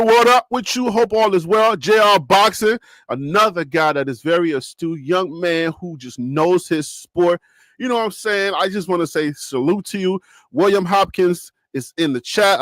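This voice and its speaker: A high-pitched man hosts a live sports talk stream, chatting casually and laughing often. His voice swings lively up and down, and it sounds dry and close with no room around it. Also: dry recording.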